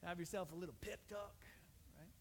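A male pastor preaching a sermon in a conversational way, asking the congregation questions and rising to loud, emphatic passages. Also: sits high, a little fast, a little hiss or hum. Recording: reverberant hall, faint ambience.

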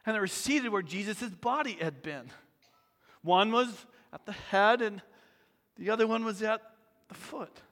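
A man preaching a sermon, slow and deliberate, sometimes dropping to near-whispers for emphasis. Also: high voice, expressive, a bit bright, big-room sound. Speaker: pastor.

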